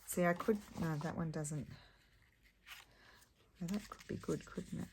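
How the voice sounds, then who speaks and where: A woman with a low, unhurried voice chats through a paper craft project as she works. She thinks out loud, breaks off mid-sentence and picks the thread back up. Soft clicks and rustling sit faintly behind her. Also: vocal fry, slight background noise. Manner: chatty, thinks aloud while working, trails off and restarts. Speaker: crafting vlogger. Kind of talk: casual craft tutorial chat.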